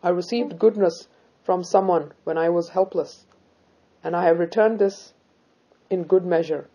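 A woman reading the part of a brave young Sikh woman who speaks calmly, politely and firmly. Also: lowish voice, unhurried, lo-fi sound. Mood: resolute. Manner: calm, polite, firm.

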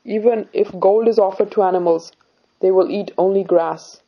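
A woman's voice: mid-range voice, steady tone, moderate pace, dull audio, natural voice. A woman voicing a grieving, devout middle-aged mother who pleads to search for her lost daughter. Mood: pleading. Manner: anguished, pleading, self-reproaching.

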